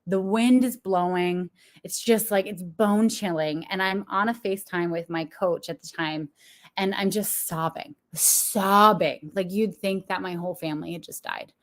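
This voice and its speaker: A woman's voice: fairly low pitch, steady tone, measured pace. A young adult woman, a business coach, talking frankly and confessionally to viewers with frequent laughs. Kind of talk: candid motivational talk to viewers.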